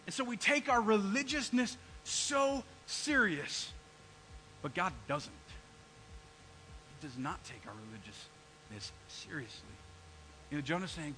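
Guy preaching in church, pretty high voice, bright and punchy, acts out what people say to god. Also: measured pace, pauses often, low-quality recording. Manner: animated, voices people's complaints to God, asks the congregation questions. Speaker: pastor. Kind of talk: sermon.

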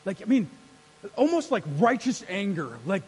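A man preaching a sermon as pastor, energetic and rallying his congregation to answer back. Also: high voice, normal speed, slightly rough, rough recording. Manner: energetic, rallies the congregation with call-and-response. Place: church sanctuary.

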